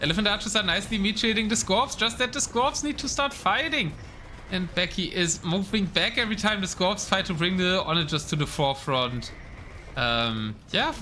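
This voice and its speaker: A man's voice: high voice, bright, forceful tone, a little hiss or hum. A young man casting a strategy game live, with casual play-by-play that drifts into chatting with viewers. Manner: casual, chats with the live chat between calls. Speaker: esports caster.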